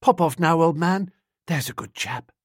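A man voicing a dramatic, lovesick young gentleman who gushes and sulks over his beloved, in an audiobook reading. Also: fairly high pitch, sing-song, normal speed, husky, no room sound, clean studio sound, full character voice. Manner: gushing and petulant, sighs over his beloved. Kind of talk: audiobook character voice.

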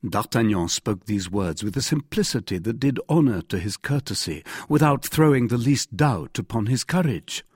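A man narrating an adventure novel as an audiobook in an expressive storytelling manner. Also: mid-range voice, moderate pace, hardly any pauses, slightly rough, no room sound, clean studio sound. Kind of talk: scripted narration.

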